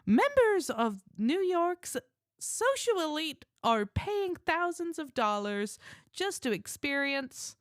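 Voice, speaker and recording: A man's voice: very animated, slow pace, no echo, studio quality, heavily acted. A man putting on a prim American woman. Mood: prim mocking. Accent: put-on American. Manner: high, loud, prim mock voice. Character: his American wife, a smart adult woman reading a correction.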